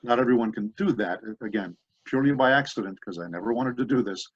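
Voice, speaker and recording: This male voice actor, a guest in an interview conversation, speaks quickly in a mid-range, slightly rough voice, spinning rambling stories full of digressions. The audio is dull, dry, lo-fi, and echo-free.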